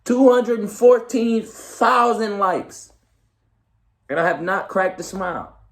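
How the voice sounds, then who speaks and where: A man's voice: sits high, takes it slowly. A man hosting a reaction video, giving dry, unimpressed remarks in casual commentary. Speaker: host reacting to clips.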